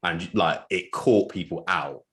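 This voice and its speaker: A young man hosting a podcast, telling stories in slangy, animated casual chat. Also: deep voice, unhurried. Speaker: podcast host.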